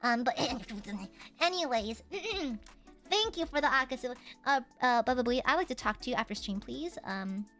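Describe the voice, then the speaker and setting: A woman streamer with a high-pitched, lively voice chats playfully with her audience at a measured pace, teasing them and sometimes bursting into shouts. She has a slight American Southern accent and a lingering cough, with faint music in the background.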